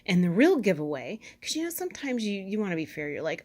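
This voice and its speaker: A woman vlogger talks through her thoughts in a loose, chatty monologue. Her tone is skeptical, and she rambles with asides in a middle-pitched voice. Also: big pitch swings, fast talker, hardly any pauses, a little mellow. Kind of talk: casual monologue commentary.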